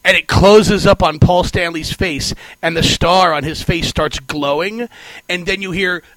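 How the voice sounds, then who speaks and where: A man in a casual comedy chat, telling a story in an animated, mocking, incredulous way. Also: high-pitched, measured pace, dry recording, rough recording.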